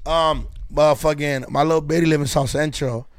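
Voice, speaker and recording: A man co-hosting a podcast, telling stories in an animated, slangy, casual way. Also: fairly high pitch, fairly quick. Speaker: podcast co-host.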